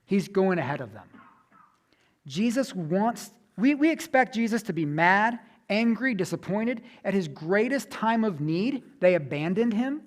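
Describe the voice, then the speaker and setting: A man's voice: sits high, lively intonation, unhurried, few pauses. A man in his thirties, a pastor, giving an earnest, conversational sermon with repeated phrases.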